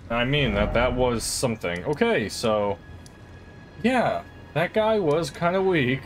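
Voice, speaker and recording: A man's voice: medium pitch, slow pace. Chatty man narrating his gameplay. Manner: chatty, rambling, self-talk with excited outbursts. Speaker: gaming channel host. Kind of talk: casual gameplay commentary. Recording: game music playing behind. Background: game music.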